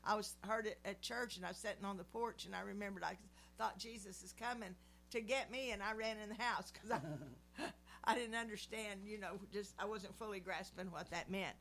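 An older woman in her seventies speaks with a gravelly, creaky edge to her voice. She talks earnestly in a preacherly way, moving between prayer and Bible teaching, with a faint hiss behind her. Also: medium pitch, fairly even intonation, fairly quick, fairly bright tone. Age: 70s. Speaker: Christian speaker.

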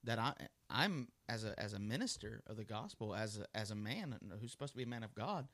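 A man's voice: lowish voice, expressive, brisk, a bit bright, no echo. A male pastor preaching a sermon in a loose, conversational way, full of ums and restarts.

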